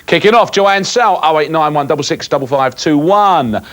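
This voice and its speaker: A man's voice: a little high, animated, moderate pace. A man presenting a live cable TV phone-in, full of jokey banter and mock bluster.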